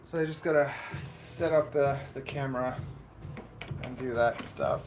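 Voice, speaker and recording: A man's voice: medium pitch, a little slow, noisy background. A man hosting a casual live stream, rambling and muttering to himself while he sets up equipment indoors. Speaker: livestream host.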